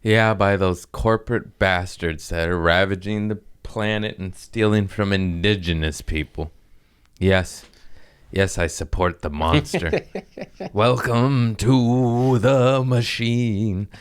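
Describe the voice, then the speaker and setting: A man hosting a comedy podcast, rambling in casual chat while high, self-mocking and breaking into fits of laughter. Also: a little slow, clean tone. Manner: giggly, stoned, self-mocking with bursts of laughter.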